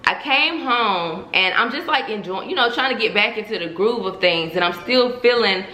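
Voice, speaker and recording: Young woman YouTuber, frank profane chat to camera, bright tone, roomy echo. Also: medium pitch, expressive, normal speed. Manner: candid, profane, addresses viewers as y'all. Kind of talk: casual vlog confession to viewers. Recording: echoey room.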